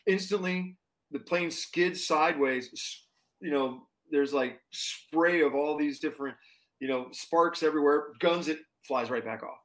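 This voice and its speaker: A man telling a story in casual chat, animated and full of fillers and restarts. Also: fairly high pitch, unhurried. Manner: animated, lots of fillers and restarts, acts out quotes. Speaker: touring performer guest.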